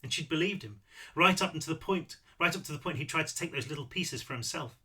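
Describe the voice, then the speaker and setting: A man reading his own novel aloud, with lively delivery and casual asides. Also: on the high side, quick pace, slightly rough. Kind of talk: audiobook read-through with asides.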